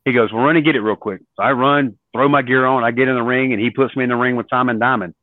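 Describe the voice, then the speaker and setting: A man and former wrestler, a podcast guest, telling lively stories and acting out what others said. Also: mid-range voice, quick pace, dry recording. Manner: animated storyteller acting out quoted voices. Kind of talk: storytelling in an interview. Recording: dry tinny phone-like line.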